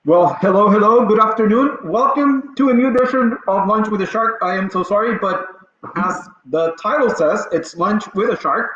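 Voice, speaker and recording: A man's voice: sits high, normal speed, a bit bright. A man hosting a podcast, chatting casually and motivationally about business, repeating himself as he talks. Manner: chatty and conversational, with repetitions. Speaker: podcast host. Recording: roomy, dull lo-fi sound.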